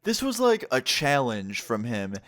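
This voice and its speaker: A young adult man telling a casual storytime vlog, recounting events in an excitable, chatty way with lots of "like". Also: medium pitch, a little slow. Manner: casual, excitable retelling with frequent "like". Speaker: vlogger.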